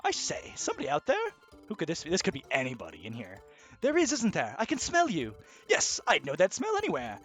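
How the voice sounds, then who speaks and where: A man's voice: a little high, huge pitch swings, fairly quick, fairly bright tone, faint music behind. A man voicing a polite, fussy male bat creature with genteel, old-fashioned phrasing.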